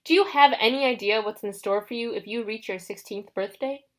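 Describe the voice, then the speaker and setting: A woman reading an audiobook, voicing a smooth, mocking young male villain who taunts the heroes. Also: on the high side, a little fast, close to an everyday voice. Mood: taunting.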